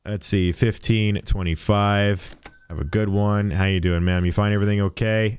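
A man's voice: lowish voice, fairly even intonation, moderate pace, darkish tone, clear, resonant tone, no echo. A young man streaming a game, chatting playfully as he plays a shopkeeper and jokes with customers. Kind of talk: let's-play commentary.

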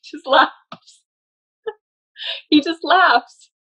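Speaking extremely slowly in a high, sharp voice, a woman works as a medium channeling a spirit, earnestly explaining and relaying its messages in casual conversation. She laughs often, and the audio sounds dull.

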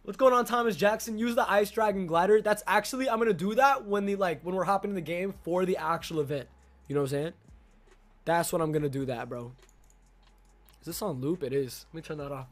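High-voiced excitable young male streamer. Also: brisk. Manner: excitable, greets chat by name, slangy. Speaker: game streamer. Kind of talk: live gameplay commentary.

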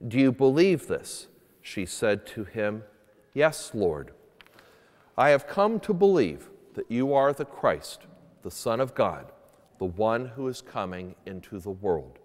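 A priest with a medium-pitched voice reads the gospel and preaches a Sunday mass homily, growing earnest and emphatic when he poses questions. The recording is from an echoey church with long reverb.

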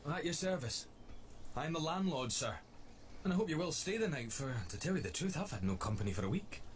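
A young earnest innkeeper. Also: male voice, a little high, a little fast. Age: young adult. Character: young male innkeeper, restless would-be writer. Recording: steady background noise.

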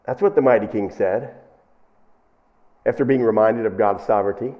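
A man preaching a sermon, lively and animated, who acts out the people in the story in raised voices as he reads and explains scripture. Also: fairly low pitch, moderate pace, lo-fi sound. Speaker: pastor.

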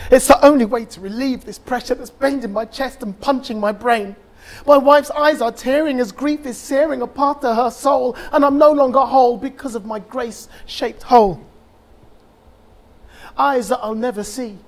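A man, a bereaved father, giving a conference talk and reciting a spoken-word poem with rhythmic, impassioned delivery and dramatic pauses. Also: very high-pitched.

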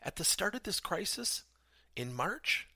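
Middle-aged coach guy telling a story on his podcast, gravelly, voice swoops up and down a lot, dry sound. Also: high-pitched, a little slow, dry recording. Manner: animated storyteller acting out both sides of a conversation. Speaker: business coach and podcast host.

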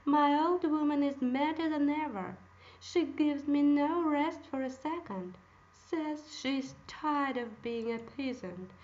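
A woman's voice: sits high, slow, darkish tone, highs cut off, voice pushed up. A woman voicing a meek, timid old fisherman who pleads humbly. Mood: pleading.

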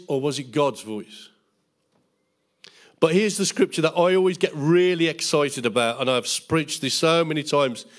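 A middle-aged man preaching a Bible school sermon as pastor, fervent, with tag questions and jokes. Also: on the high side.

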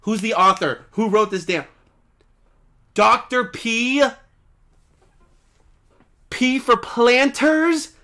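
A young man excitedly reacting to a cartoon episode in slangy, casual commentary, laughing often. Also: very high voice, drawn-out words, pauses often. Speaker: reaction video host.

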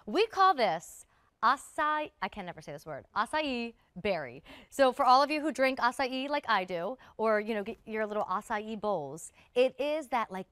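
A woman's voice: mid-range voice, clean tone, dry recording. A woman in her thirties hosting a live TV shopping show, chatty and gushing as she talks straight to viewers. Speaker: shopping channel host. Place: TV studio.

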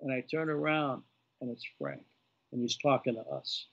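A man in his sixties telling an animated story on a remote interview, acting out the dialogue of the people in it. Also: mid-range voice, moderate pace, creaky, husky. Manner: animated anecdote-teller, acting out quoted dialogue. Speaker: guest, former baseball executive. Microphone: video call. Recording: lo-fi video call audio.

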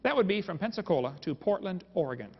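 A man's voice: sits high, sing-song, quick pace, slightly rough. A man giving a joking, folksy seminar lecture to a live audience, full of quips aimed at the crowd. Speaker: creation seminar speaker. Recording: dull, reverberant hall recording.

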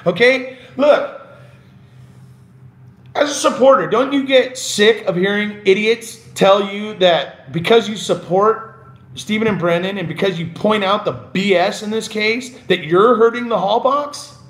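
A man hosts a casual live stream from home, his voice pitched a little high and ringing in a roomy, echoey space. He laughs easily between comments and builds up into passionate rants. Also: unhurried, fairly bright tone. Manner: passionate, ranting, laughs often. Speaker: livestream host. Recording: roomy echo.

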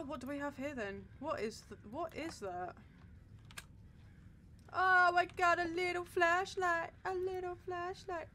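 Young woman, streamer, higher voice, nervy and foul-mouthed commentary, faint hiss behind. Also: fairly bright tone. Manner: jumpy, nervous running commentary, heavy swearing. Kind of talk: horror game let's-play commentary.

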